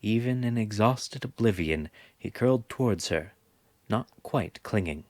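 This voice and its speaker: Audiobook narrator: man, low register, unhurried, expressive delivery. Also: no room sound. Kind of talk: scripted narration.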